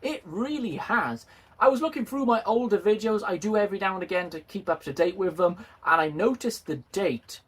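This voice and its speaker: A man's voice: high-pitched, lively intonation, a little fast, fairly bright tone, slightly rough. A man chatting casually and jokingly to his video viewers, self-deprecating and friendly. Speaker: model railway YouTuber.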